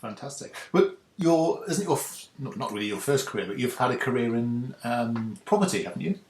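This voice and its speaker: A man's voice: mid-range voice, expressive, brisk, a little mellow, slight background noise. A man hosting a podcast interview, chatty and friendly, often restarting his sentences. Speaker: podcast host. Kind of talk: casual interview chat. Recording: roomy echo.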